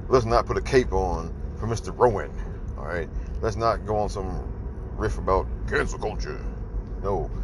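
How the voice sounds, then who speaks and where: Male streamer, lowish voice, casual exasperated rant full of rhetorical questions; noisy recording with street sounds. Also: moderate pace. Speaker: livestream host. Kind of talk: casual ranting commentary.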